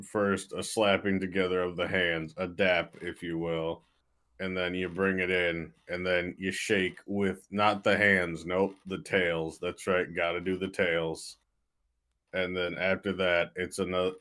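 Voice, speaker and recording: A man's voice: deep voice, a bit bright. A man playing a tabletop game, talking casually and hesitantly, searching for words. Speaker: player.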